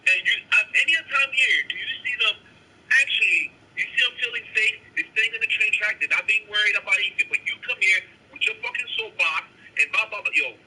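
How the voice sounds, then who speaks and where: A man's voice: high voice, very animated, fast talker, pushed and bright, slightly rough, low-quality recording. A man telling a heated story in a casual chat, emphatic, profane and indignant. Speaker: guest, transit officer.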